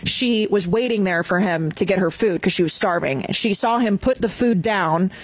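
A woman's voice: mid-range voice, normal speed, no room sound. Woman, chatty storyteller, casual talk, dry close sound. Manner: chatty storyteller, animated retelling. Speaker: podcast guest recounting office story. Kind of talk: casual chat.

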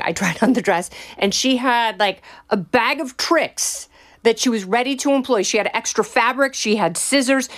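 A woman tells a personal story in a relaxed, conversational way. Her voice sits in a middle register, and she talks animatedly, with frequent ums and likes. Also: mid-range voice. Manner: animated, chatty, frequent laughs and fillers.

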